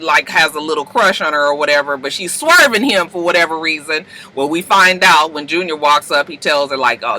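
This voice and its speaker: A man's voice: fairly high pitch, bright, forceful tone, poor audio. A man casually recapping TV episodes, telling the story with lots of slang and swearing and acting out the characters' lines. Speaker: TV recap host.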